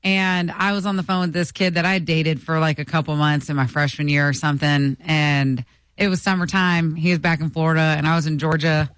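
A woman's voice: low-pitched, flat delivery, a little fast, smooth, dry recording. A woman co-hosting a talk radio show, telling a casual story with laughter. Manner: chatty, laughs through stories. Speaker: radio co-host. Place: radio studio.

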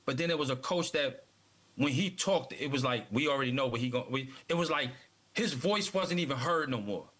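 Guy on a sports talk show, bright husky voice, keeps repeating himself when he gets going. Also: mid-range voice, a little fast. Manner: emphatic, repeats words when starting thoughts.

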